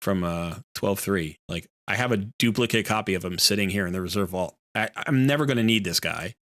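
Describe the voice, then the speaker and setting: Bright-voiced man rambling on a stream. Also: deep voice, a little fast, dry recording, clean studio sound. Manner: rambling, enthusiastic, lots of fillers. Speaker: streamer host. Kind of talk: casual live-stream chat.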